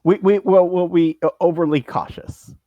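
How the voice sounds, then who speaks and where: A man's voice: sits high, steady tone, normal speed, mellow, no echo, lo-fi sound. A man playing a tabletop role-playing game, chatting casually and stammering, repeating his words. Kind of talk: casual role-play chat.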